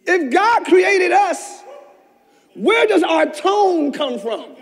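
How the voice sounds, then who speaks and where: A man with a strikingly high voice preaches a fervent sermon, rising to shouts and dropping to near whispers. His words ring out with a long echo through a church hall. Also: big pitch swings, extremely slow. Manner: passionate preaching, swinging between shouted peaks and hushed asides. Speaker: pastor.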